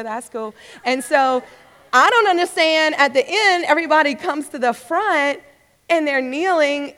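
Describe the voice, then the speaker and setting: High-voiced woman telling her testimony in a reverberant hall. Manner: animated storytelling, acting out her own past thoughts. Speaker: speaker sharing her testimony. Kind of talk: personal testimony.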